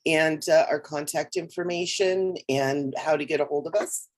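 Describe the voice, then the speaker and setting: A woman with a low-pitched voice co-hosts a spiritual livestream from home. She talks in a relaxed, rambling, playful way and sounds a little tired. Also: moderate pace. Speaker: co-host. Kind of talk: casual spiritual chat on a livestream.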